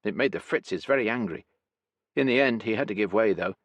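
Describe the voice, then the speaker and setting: A man's voice: on the low side, a little fast, no echo. A man reading as an Armenian soldier with an accent. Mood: wry. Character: Armenian soldier, man, dark, talks plainly.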